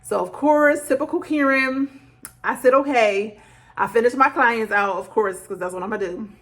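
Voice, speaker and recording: A middle-aged woman talking straight to her viewers in a relaxed storytelling vlog. She is chatty and animated, with plenty of fillers. She slips into other people's voices as she tells her story. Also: fairly high pitch, moderate pace. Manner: chatty and animated, acts out quoted lines with laughter; conversational, frequent fillers like "like" and "child". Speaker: beauty vlogger. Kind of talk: casual storytelling to camera.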